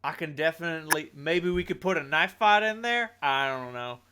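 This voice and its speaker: A man's voice: a little high, normal speed, background noise. A man running a tabletop game, speaking in character with a folksy, blunt drawl. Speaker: game master voicing a character. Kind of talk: in-character tabletop role-play.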